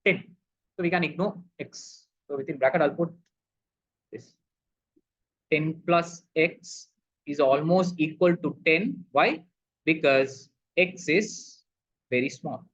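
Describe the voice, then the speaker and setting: Pausing often at a slow pace, a man with a voice on the high side and a fairly bright tone guides students through a physics problem, answering his own questions and calling them "people". The lesson was captured in a dull lo-fi recording.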